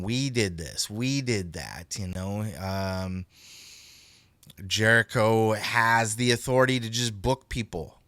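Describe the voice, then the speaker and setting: A man's voice: fairly low pitch, smooth, no room sound. A man hosting a podcast in casual, rambling chat that is peppered with swearing. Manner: profane, rambling, animated. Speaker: podcast host.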